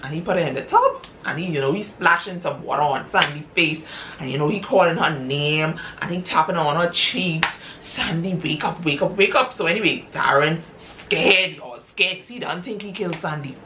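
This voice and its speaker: Woman, low voice, casual story recap, chatty, drawn-out, faint background hiss. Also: bright, forceful tone. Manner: chatty, drawn-out, addresses listeners as y'all. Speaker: storyteller retelling her own script.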